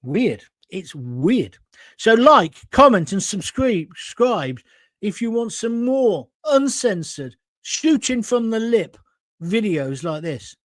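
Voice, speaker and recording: A high-pitched man hosts a ranting political livestream and talks straight to his audience. He is blunt and combative, and sounds dry and close with no room echo. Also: sing-song, takes it slowly. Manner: blunt, combative, addresses viewers directly. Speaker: livestream host.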